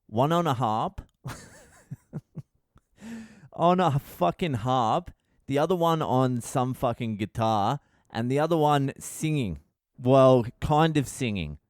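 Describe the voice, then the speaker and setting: A man's voice: medium pitch, darkish tone, clean tone, dry recording, clean studio sound. A middle-aged man telling a comic story on his podcast, sweary, exasperated and mocking. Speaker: comedian podcast host. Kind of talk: casual comedic storytelling monologue.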